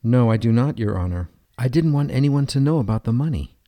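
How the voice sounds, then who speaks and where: A man's voice: mid-range voice, expressive, fairly quick, mellow, dry recording, lightly acted. A man doing a pleading old widow.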